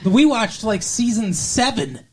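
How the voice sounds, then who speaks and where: A man's voice: high voice, sing-song, measured pace. A man co-hosting a casual show with his girlfriend, chatty and joking. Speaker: podcast co-host. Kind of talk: casual chat.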